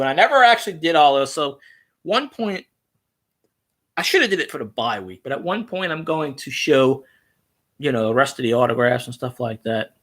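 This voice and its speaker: A man rambling in a casual, profane, excitable monologue as a sports-fan vlogger. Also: fairly high pitch.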